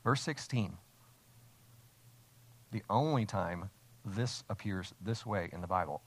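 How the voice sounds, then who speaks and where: A man's voice: on the low side, animated, moderate pace. A man preaching an expository sermon as a pastor, speaking with emphasis and asking his congregation rhetorical questions. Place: church, streamed online.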